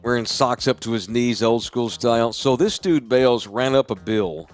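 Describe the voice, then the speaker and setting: Wisecracking podcast host. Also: male voice, medium pitch, normal speed, faint music behind. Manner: profane, joking, wisecracking. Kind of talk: casual podcast chat.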